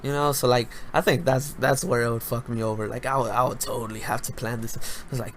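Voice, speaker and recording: Loud, slangy young man ranting on a podcast. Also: medium pitch, fairly quick, creaky, a little hiss or hum. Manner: loud, animated, slangy, swears freely. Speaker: podcast host. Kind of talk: casual solo podcast rant.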